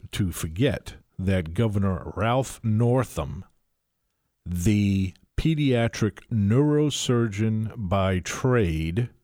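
A male co-host of a talk show, speaking in a measured, pointed way. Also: on the low side, warm tone, no room sound, studio quality.

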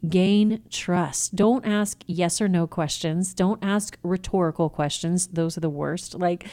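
Speaking a little slowly in a lowish, dark-toned voice, this Christian family communication speaker delivers a faith-based teaching talk. Her manner is earnest and coaching, and she performs sample phrases along the way.

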